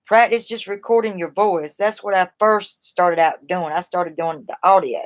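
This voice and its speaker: A woman's voice: fairly low pitch, normal speed. A woman from the East Coast with a Southern accent, chatting casually and rambling on a live stream as she gives advice to her viewers.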